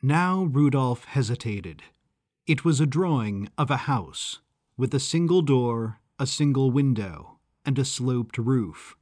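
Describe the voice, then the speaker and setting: A man narrating his own scripted audio story in a calm, even manner. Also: medium pitch, takes it slowly, no room sound, studio quality. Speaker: author and narrator.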